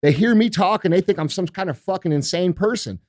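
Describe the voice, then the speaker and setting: A man's voice: sits high, fairly quick, no room sound, studio quality. A male podcast host giving a blunt, profane motivational talk in a casual, emphatic way.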